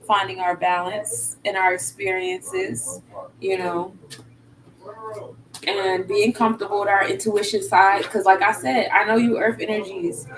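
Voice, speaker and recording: A woman's voice: mid-range voice, distant mic, slight background noise, rough recording. A woman giving a casual live-stream tarot reading, loose and slangy with laughing asides. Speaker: tarot reader.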